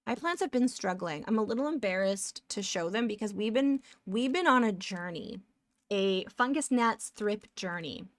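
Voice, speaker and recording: A chatty woman live-streaming as she draws, her talk loose and rambling as she drifts onto tangents and replies to viewers. Her voice sits at an ordinary middle pitch. It is recorded dry and close, with no room sound. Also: animated, moderate pace, no echo. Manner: chatty and rambling, goes off on tangents and reads chat aloud. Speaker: live-streaming pixel artist. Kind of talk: casual live-stream chat while drawing.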